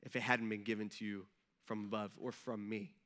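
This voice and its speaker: A man voicing a condemned prisoner who answers in a low, steady, quiet tone. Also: a little fast, natural voice. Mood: calm.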